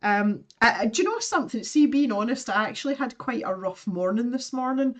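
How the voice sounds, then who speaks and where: A woman's voice: on the high side, expressive, a little fast. A woman with a Scottish accent hosting an art live stream, chatting casually while she draws, laughing often and greeting viewers.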